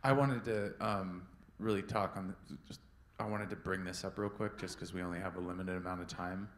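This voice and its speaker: Male co-host on a live podcast, lowish voice, rambling and teasing, plays to the crowd, roomy sound from a handheld mic. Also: fairly even intonation, brisk, slight background noise. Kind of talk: live podcast banter before an audience. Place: festival stage before a live audience.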